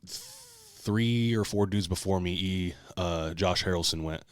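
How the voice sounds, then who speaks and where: A man hosting a casual podcast, telling a competition story with lots of swearing, and loudly acting out what he shouted. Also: deep voice, unhurried, no room sound, clean studio sound. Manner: animated storyteller, swears a lot, shouts out quoted lines. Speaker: podcast host. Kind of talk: casual chat.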